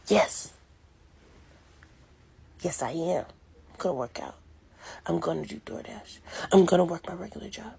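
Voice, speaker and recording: Woman vlogger, tired, rambling, often half-whispered; gravelly, husky voice. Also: on the low side, expressive, measured pace, long pauses, darkish tone. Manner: rambling, talks to herself, often drops to a whisper. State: sleepy and yawning. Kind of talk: casual talk to camera.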